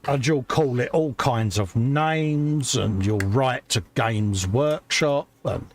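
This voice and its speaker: A man's voice: medium pitch, takes it slowly, a little hiss or hum. A British man co-hosting a casual live stream, chatting and joking while assembling a model kit. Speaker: co-host.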